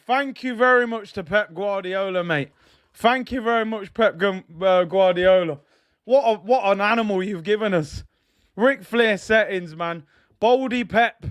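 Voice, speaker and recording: A young man hosting a live football watch-along, excitable, joking with his chat and shouting when his team scores. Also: high voice. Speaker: football fan channel host.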